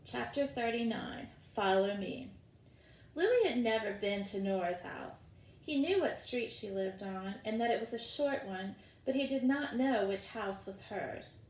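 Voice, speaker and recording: Slow-reading woman, echoey room. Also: fairly high pitch. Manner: deliberate, expressive storytelling. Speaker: narrator. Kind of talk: audiobook narration of a children's novel.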